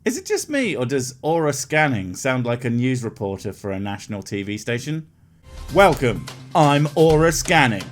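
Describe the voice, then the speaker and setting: A man's voice: mid-range voice, sing-song, a little fast, few pauses, soft background music. A man giving sarcastic, mocking comedy commentary over a video.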